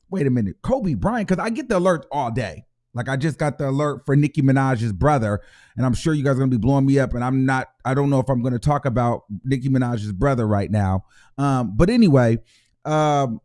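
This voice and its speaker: A man's voice: mid-range voice, darkish tone. Rambling emotional man hosting a vlog. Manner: rambling, emotional, full of fillers and restarts. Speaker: show host. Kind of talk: casual vlog commentary.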